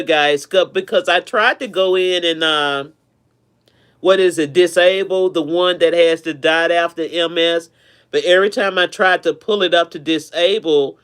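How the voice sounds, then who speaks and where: Smooth-voiced man chatting on a live stream. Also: on the high side, fairly bright tone. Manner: chatty, affectionate, repeats himself. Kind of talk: casual live-stream chat with viewers.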